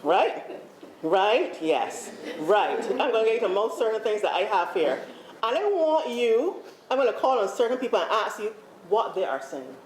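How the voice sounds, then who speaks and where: Barbadian woman leading a lively workshop. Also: mid-range voice, normal speed. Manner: animated, repeats herself, calls on people from the room. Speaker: workshop leader on deafness. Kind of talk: lively live workshop talk to a group. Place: large room with an audience. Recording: echoey room, faint background noise.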